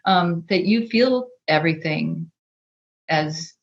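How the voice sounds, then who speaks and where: A woman's voice: low-pitched, lively intonation, takes it slowly, vocal fry, highs cut off. A woman author talking as a podcast guest, earnest and reflective, often restarting her sentences. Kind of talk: podcast interview conversation.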